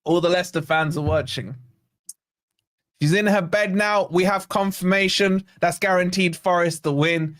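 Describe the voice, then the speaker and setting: A man's voice: high-pitched, fairly even intonation, normal speed, fairly bright tone. A man hosting a live fan watch-along stream, reading out chat comments with chatty, teasing banter. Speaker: fan channel host.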